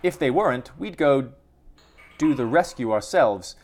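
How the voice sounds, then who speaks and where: A man's voice: mid-range voice, unhurried. A man voicing a big, poised but scatterbrained spider who speaks politely and rambles. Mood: rambling. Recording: steady background noise.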